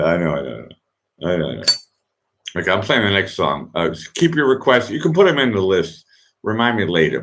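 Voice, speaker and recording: A man's voice: on the low side, fairly bright tone. A man, hosting a late-night online music request show in a rambling, chatty way with many restarts and asides. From Boston, USA. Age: 50s. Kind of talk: casual late-night livestream chat.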